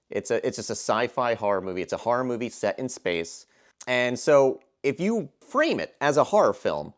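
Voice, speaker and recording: A man giving a casual film review monologue, enthusiastic and rambling, with frequent restarts and fillers. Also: medium pitch. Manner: enthusiastic, gushing.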